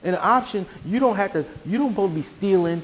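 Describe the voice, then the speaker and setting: This is a male preacher. He talks to the congregation casually, then climbs into loud, emphatic runs. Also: sits high, lively intonation, fast talker. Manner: conversational preaching, rising to emphatic. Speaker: pastor. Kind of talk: sermon.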